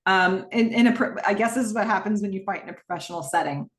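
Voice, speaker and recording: A woman's voice: medium pitch, quick pace, hardly any pauses. A woman hosting a podcast, recapping a TV episode in a chatty way with laughing asides. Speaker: podcast host. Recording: roomy echo.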